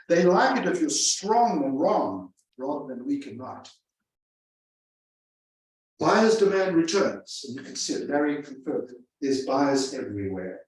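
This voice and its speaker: Guy running a sales seminar, kinda high voice, super echoey hall, mic far off, keeps repeating stuff for punch. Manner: emphatic, repeats phrases for effect. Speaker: real estate sales trainer. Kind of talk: live seminar presentation. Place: large room with a live audience. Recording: echoey room from a distance.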